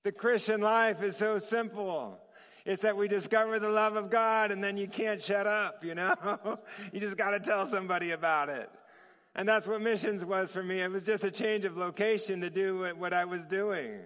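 A man preaching with a high, bright, forceful voice. He tells his sermon as a story, chuckles often and acts out the voices in it, while a long reverb from the hall trails behind him. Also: normal speed. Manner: lively, chuckles often, acts out quoted dialogue.

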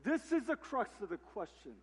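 A man's voice: very high voice, sing-song, moderate pace, husky. A man preaching a sermon as pastor, emphatic and full of rhetorical questions, in a church sanctuary. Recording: long hall reverb.

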